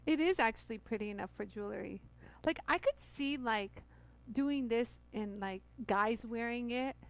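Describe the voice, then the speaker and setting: A middle-aged woman hosts a live-stream demo of jewelry tools, bubbly and chatty, packing in fillers and calling out to viewers as "you guys." Her voice is a little high, her pace moderate, and the audio poor.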